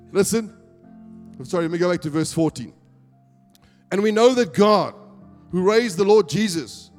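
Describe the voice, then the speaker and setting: A man's voice: a little high, darkish tone. A man with a South African accent, preaching a sermon to a church congregation and building to emphatic calls for agreement. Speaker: pastor. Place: church hall. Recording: long church hall reverb with faint music.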